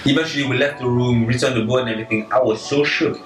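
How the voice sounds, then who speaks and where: A young man with a mid-range voice tells a story on a podcast at a fast clip, animated and loaded with filler words like "like," often checking in with "right?" The room is echoey, he sounds slightly distant, and faint music plays.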